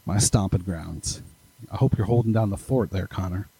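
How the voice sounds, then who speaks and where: A man with a low, gravelly, mellow voice and a slightly husky edge hosts a casual podcast. He reads listener emails in a chatty, self-deprecating way, breaking off for quick asides. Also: dry recording, low-quality recording. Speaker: podcast host.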